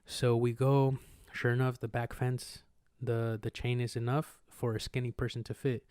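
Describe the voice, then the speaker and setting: A man's voice: medium pitch, normal speed, smooth, no room sound. Slangy young man, dry close sound. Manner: animated, slangy and profane, acts out sounds and voices. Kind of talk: casual storytelling chat.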